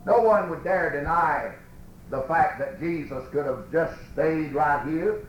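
A man preaching a sermon and reading scripture aloud in a church, with slow, emphatic, drawn-out phrasing. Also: fairly high pitch. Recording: echoey room with faint background noise.

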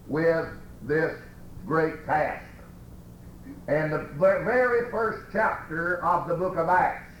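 A man delivers a sermon in a slightly higher voice, drawing out his phrases slowly and with emphasis. His voice rings through an echoey church, with faint noise underneath. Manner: slow, emphatic, drawn-out phrasing. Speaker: preacher. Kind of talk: sermon with scripture reading.

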